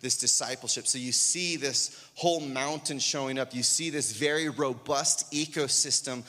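Exuberant pastor preaching in a hall. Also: male voice, medium pitch, moderate pace. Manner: exuberant, shouts of excitement, asks congregation to repeat. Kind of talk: sermon. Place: church sanctuary. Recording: long reverb of a large hall.

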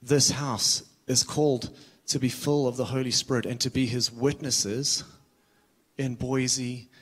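A man's voice: medium pitch, steady tone, unhurried, husky. A man preaching a sermon with urgency, earnest and a little self-deprecating, often restarting his words. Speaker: visiting preacher.

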